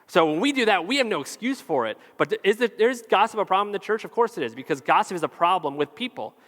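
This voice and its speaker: Pastor guy, kinda high voice, chatty jokey sermon. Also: expressive, quick pace, a bit bright. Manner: conversational, jokey, acts out quoted voices. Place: church hall with long reverb. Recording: reverberant church hall.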